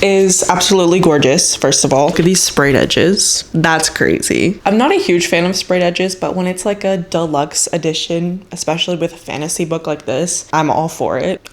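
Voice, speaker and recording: A young woman in her twenties chatting casually and enthusiastically at home in a book vlog. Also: lowish voice. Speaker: book vlogger.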